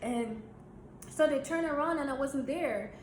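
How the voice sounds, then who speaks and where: A young woman from Jamaica, telling a story in a blunt, animated, swearing way. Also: high voice, unhurried. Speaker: vlogger. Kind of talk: storytime vlog. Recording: roomy echo, faint hiss.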